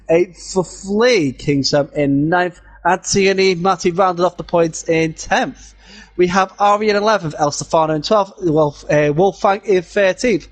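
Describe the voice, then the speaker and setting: A man giving casual live commentary on an online racing league, chatty and halting with many fillers. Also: high voice.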